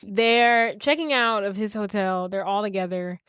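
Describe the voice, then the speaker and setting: A woman's voice: medium pitch, unhurried, a bit bright, smooth, no room sound, clean studio sound. A woman co-hosting a podcast, chatting casually and joking as she recaps a movie. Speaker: podcast co-host.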